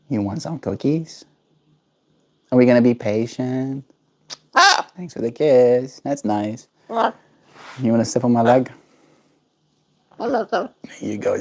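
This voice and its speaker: A man with a creaky, mellow, medium-pitched voice is livestreaming casually. He chats to his pet bird in sing-song baby talk and reads the viewers' chat aloud.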